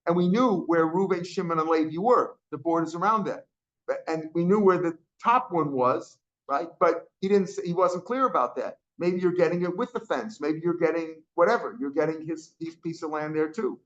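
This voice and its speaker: A man with a somewhat high voice speaks at an ordinary pace while leading a daily Talmud class. He works through each line, blending English with Aramaic and Hebrew terms, and frequently repeats himself or starts phrases over. The recording is dull and lo-fi.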